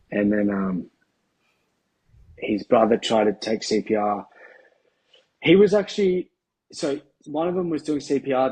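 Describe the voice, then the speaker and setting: Husky man telling his story. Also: fairly low pitch, a little mellow, rough recording. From Australia. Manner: casual, halting, with frequent restarts and swearing. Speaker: podcast guest. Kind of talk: candid personal storytelling.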